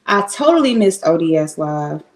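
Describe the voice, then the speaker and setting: A woman chats casually and frankly with live viewers from her home in Cleveland, rambling and swearing occasionally over a home streaming setup. Her voice sits low with big pitch swings, her pace is moderate, and the audio is poor.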